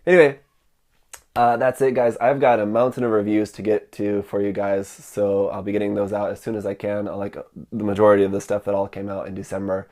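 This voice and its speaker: A man's voice: fairly low pitch, completely flat delivery, quick pace, mellow. A man hosting his model kit video channel, talking casually with many fillers and a nasal voice from a cold.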